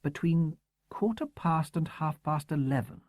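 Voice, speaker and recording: A man's voice: a little high, animated, a little slow, no room sound, pitched above the performer's own voice. Man voicing prim older southern English lady. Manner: formal, genteel, old-fashioned. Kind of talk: audiobook character voice.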